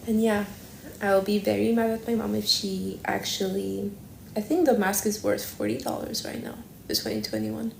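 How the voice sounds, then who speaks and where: Her voice sits at mid pitch, fairly even in intonation and slightly mellow, with vocal fry at a normal pace. As a livestream host in casual chat, she rambles and self-corrects while thinking aloud. The space is echoey, with faint noise behind her.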